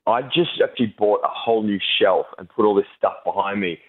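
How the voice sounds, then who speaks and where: A man, a TV presenter, telling animated stories as a guest on a radio show. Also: fairly low pitch, brisk, narrow, tinny audio. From Australia. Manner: animated anecdotes, acts out quotes. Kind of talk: casual radio interview storytelling.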